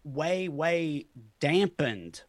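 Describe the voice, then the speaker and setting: A man's voice: a little high, animated, drawn-out words, dry recording. A man with a Southern Tennessee accent, a comedian talking loosely and often laughing in an interview. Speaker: comedian guest. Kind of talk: casual interview chat.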